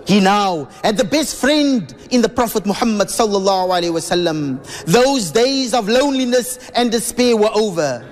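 Male storyteller, very high voice, emotive reverent narration, soft music behind. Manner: earnest, emotive, with reverent honorifics.

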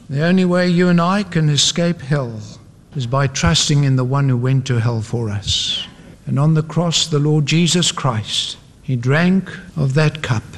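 A man preaching a sermon, building up his points with dramatic repeated refrains. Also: a little high. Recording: long hall reverb.

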